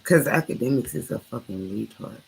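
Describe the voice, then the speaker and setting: A woman's voice: very deep voice, lively intonation, normal speed, vocal fry, darkish tone, slight background noise, rough recording. A woman hosting a late-night live stream, ranting bluntly and with lots of swearing.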